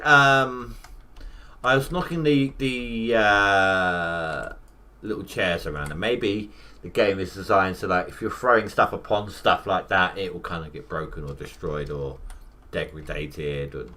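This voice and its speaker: A man's voice: lowish voice, unhurried, pushed and bright. A man in his thirties, rambling through casual live gameplay commentary with self-mocking asides. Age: 30s. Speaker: gaming livestreamer.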